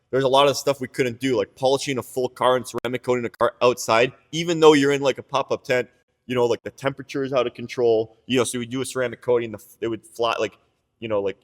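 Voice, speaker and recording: A young man from Canada talks through his story in loose podcast chat, circling back with restarts and frank swearing. His voice sits in an ordinary middle pitch. The sound carries a long, echoing room reverb. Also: steady tone, fast talker. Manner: rambling, many "like"s and restarts, candid, swears. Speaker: business owner telling his story.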